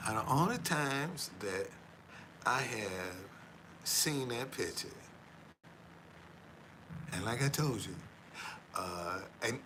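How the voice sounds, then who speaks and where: Over background noise, a middle-aged man speaks slowly and expressively at medium pitch, leaving long pauses. He's a tour guide who used to drive vans, chatting casually on a livestream, repeating himself, tacking "man" onto his lines, and sincerely preaching honesty.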